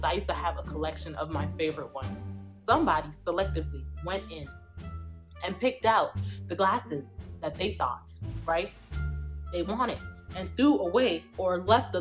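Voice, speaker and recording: A young woman vlogger telling a storytime, emphatic and profane, repeating lines for effect. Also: on the low side. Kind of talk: storytime vlog.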